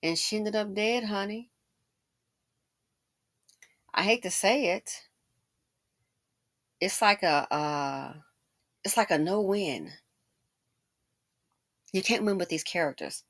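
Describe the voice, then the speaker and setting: A woman hosting her own channel, giving casual, animated commentary with sassy asides. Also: medium pitch, takes it slowly, long pauses. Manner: animated, sassy, mimics people in quotes.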